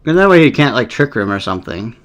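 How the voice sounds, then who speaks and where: A man's voice: mid-range voice, sing-song, fast talker. A man giving casual, rambling live commentary while playing a competitive game, thinking aloud and swearing often out of exasperation.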